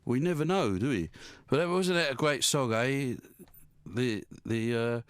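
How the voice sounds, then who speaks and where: A man's voice: mid-range voice, lively intonation, unhurried, clear, resonant tone, no room sound. A male radio presenter chatting casually in a studio, rambling and joking and laughing at his own quips.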